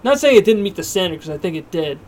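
A man's voice: high-pitched, sing-song, fast talker, darkish tone. A man co-hosting a podcast, chatting casually, teasing and swearing as he signs off. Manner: joking, crude, teasing. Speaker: podcast co-host.

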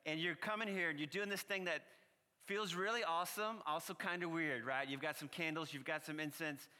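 A man with a New Orleans accent gives a sermon as a guest priest. His voice sits fairly high and sounds bright. He talks in a chatty, earnest way, slows into a prayerful cadence, and the long reverb of a church hall surrounds him. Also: fairly even intonation. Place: church sanctuary.

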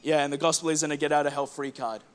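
A man preaching a sermon to a church congregation, passionate, repeating words and moving between loud declarations and soft asides. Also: a little high, level tone, fast. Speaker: pastor. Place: church hall.

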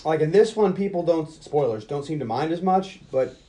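A man co-hosting a casual film podcast, animated and quick to laugh, acting out his reactions. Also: fairly high pitch. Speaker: podcast co-host. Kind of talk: casual chat about a film.

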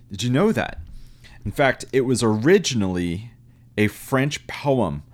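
Slow, deep-voiced man chatting casually. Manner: chatty and enthusiastic, laughs at himself. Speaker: podcast host, trained pastor. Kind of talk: casual solo talk on hymn history.

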